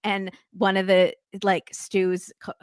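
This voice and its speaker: In casual chat, a woman co-hosting a podcast rambles along, full of fillers and restarts. Her medium-pitched voice is monotone, slow, and a little mellow, with a clean tone on a clean studio recording free of room sound.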